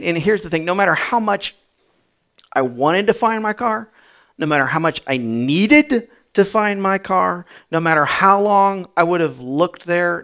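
A male pastor telling a story in a sermon, chatty and repetitive, building to loud emphatic bursts. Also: fairly high pitch.

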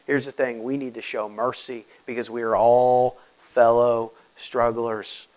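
A man preaching a sermon as pastor, moving from quiet, close talk to loud, urgent passages and acting out quoted voices. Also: medium pitch, rough recording. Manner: acts out quoted voices and asks rhetorical questions.

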